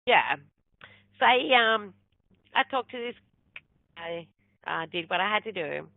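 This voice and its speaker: The spiritual medium, a middle-aged woman, speaks unhurriedly in a creaky mid-range voice with lively intonation. She loosely wanders through a personal story as an interview guest, slipping into quoted people's voices. The sound is dry, close and phone-like, with no echo or sense of a room.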